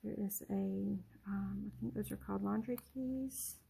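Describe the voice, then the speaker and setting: A middle-aged woman casually showing her handmade journals in a vlog, soft-spoken and rambling, with lots of ums and self-corrections. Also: medium pitch, fairly even intonation, unhurried, gravelly, husky, rough recording. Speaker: junk journal crafter showing her work. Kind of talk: casual show-and-tell vlog.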